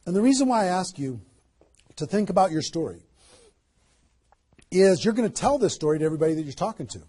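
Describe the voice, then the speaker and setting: A man giving a motivational seminar talk as a network marketing trainer, energetic and emphatic, firing rhetorical questions at a live audience. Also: high voice, fast, breathy edge.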